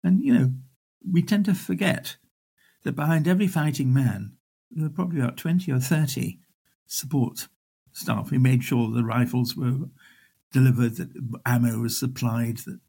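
An older man, a historian, telling wartime anecdotes in an animated way. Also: medium pitch, moderate pace, creaky, breathy edge. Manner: animated raconteur, acts out voices. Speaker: historian guest. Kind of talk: storytelling interview.

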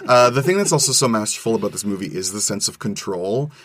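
A man's voice: lowish voice, fast talker, fairly bright tone. A man who is a guest on a podcast, talking about films enthusiastically and casually with many restarts. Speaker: podcast guest film critic.

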